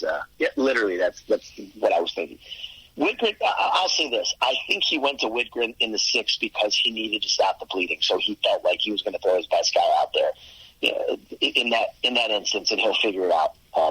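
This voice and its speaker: A man co-hosting a sports podcast in casual chat, analytical and quick to correct details, with a husky voice. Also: on the low side, bright, forceful tone, no room sound, poor audio. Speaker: podcast co-host.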